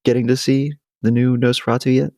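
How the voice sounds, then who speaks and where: A man's voice: mid-range voice, little pitch movement, a little fast, darkish tone, no echo, clean studio sound. A young man co-hosting a podcast in casual chat, laughing often as he retells scenes. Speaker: podcast co-host.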